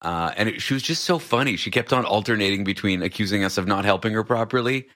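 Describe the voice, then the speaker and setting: A man's voice: fairly low pitch, fast talker, a bit bright. A man hosting a talk show, telling stories in a wry, self-mocking way. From dual citizen. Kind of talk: casual talk show chat.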